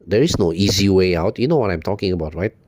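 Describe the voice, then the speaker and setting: A man's voice: sits low, expressive, fast talker, darkish tone, no room sound. A man giving an unscripted video monologue, rambling and profane, repeating "you know" constantly in a bitter tone. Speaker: video blogger.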